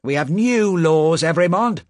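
A man voicing a stern, cold male revolutionary official who barks sharp commands in a husky voice, raised well above his narrating pitch. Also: big pitch swings, moderate pace, dry recording, studio quality, heavily acted.

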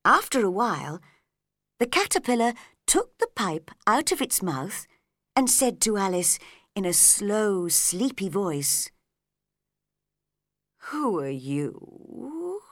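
A woman narrating a children's story at an unhurried pace, her voice rising and falling with plenty of melody. The recording is close and dry, with no room sound. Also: mid-range voice, dry recording. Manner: slow, clear, expressive reading.

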